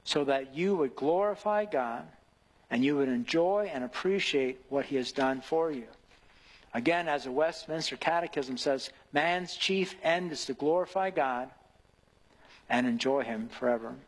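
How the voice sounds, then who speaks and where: Earnest husky preacher in a reverberant hall. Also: male voice, a little high, unhurried. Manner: earnest, rising to emphatic questions. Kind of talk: devotional sermon.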